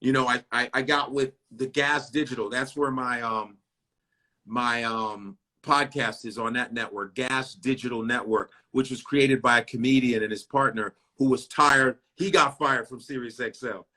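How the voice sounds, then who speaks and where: Blunt, bright-voiced comedian. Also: male voice, mid-range voice, normal speed. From Chicago. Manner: blunt, profane, animated storytelling that acts out other people's lines. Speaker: comedian guest. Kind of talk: casual interview chat.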